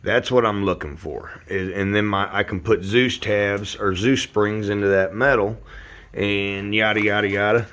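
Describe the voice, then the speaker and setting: Speaking at a normal pace with a fairly low, steady, somewhat bright voice, this roofer and hobby car builder records a phone vlog from his home garage. His talk is rambling, profane, and frustrated.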